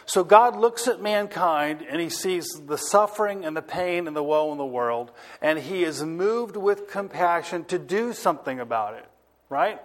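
A male pastor preaching a sermon, stressing key words slowly and often checking whether the audience is listening. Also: sits high. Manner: asks the audience if they are listening.

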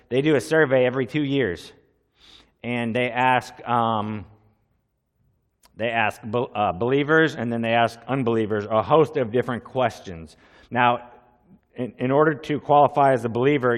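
A pastor with a medium-pitched voice opens with a prayer, then teaches in an earnest, conversational style, adding asides and repeatedly putting questions to the congregation. A long hall reverb hangs on the recording.

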